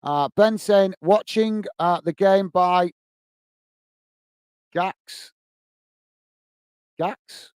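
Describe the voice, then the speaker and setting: A man's voice: high-pitched, extremely slow, long pauses, a little mellow, clear, resonant tone, no room sound. A man hosting a football watch-along stream, chatting casually and reading out viewer comments to answer them. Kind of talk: live-stream casual chat.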